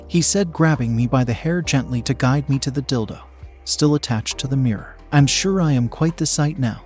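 A man calmly narrating a first-person story in an even reading voice, at times hushed. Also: medium pitch, moderate pace, faint music behind.

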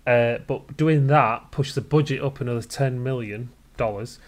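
Guy, relaxed podcast co-host, easygoing and agreeable. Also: medium pitch, normal speed. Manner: easygoing, many short backchannel hums. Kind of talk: casual chat.

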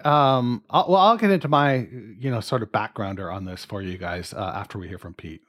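A man's voice: fairly low pitch, a little fast, fairly bright tone. A man, from Canada, hosting a casual podcast chat in an upbeat, joking way. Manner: upbeat, joking, loosely scripted. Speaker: podcast host.

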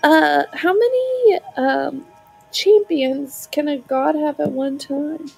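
A woman's voice: sits high, takes it slowly, gravelly, darkish tone, soft background music, rough recording. A woman playing a tabletop game, joking and hesitant in casual chat. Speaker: player.

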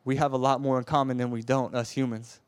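A man preaching a sermon with passion, swinging from loud urging to a soft hush and often stammering and repeating words. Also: mid-range voice, level tone, fast, clear, resonant tone, no room sound.

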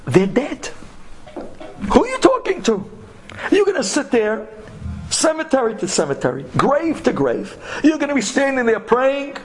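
A man voicing a brash, scoffing older taxi driver and war veteran who shouts and mixes in Hebrew phrases. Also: high voice, very animated, moderate pace, slight background noise. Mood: scoffing, ranting.

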